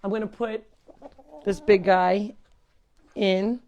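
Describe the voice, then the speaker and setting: A woman's voice: mid-range voice, fairly even intonation, takes it slowly, highs cut off, a crowd in the background. A middle-aged woman hosting a casual live stream from her animal sanctuary at home, chatting and talking to her pets in a sing-song way. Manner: chatty, talks to animals in a baby voice.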